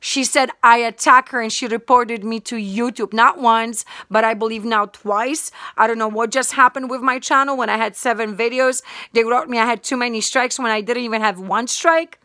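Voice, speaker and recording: A woman's voice: on the high side, steady tone, moderate pace, hardly any pauses, pushed and bright, no echo, studio quality. A woman giving an impassioned religious sermon, fervent and emphatic, repeating her points. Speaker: online preacher.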